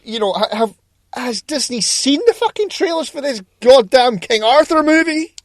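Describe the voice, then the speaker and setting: Male podcast co-host: animated, profane film-news banter, bouncy pitch, dry sound. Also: moderate pace, no room sound. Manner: sweary, animated, ranting.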